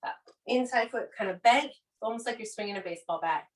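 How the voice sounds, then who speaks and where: Woman, fitness instructor, out of breath, upbeat cues, higher voice, heard from across the room. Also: fast talker, distant mic, poor audio. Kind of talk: workout coaching.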